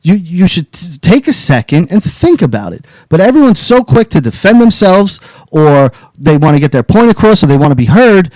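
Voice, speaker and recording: Brash, cursing man with a higher voice. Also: very animated, moderate pace, darkish tone, no echo, low-quality recording. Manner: brash, swears freely, boastful. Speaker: podcast co-host. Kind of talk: casual advice chat.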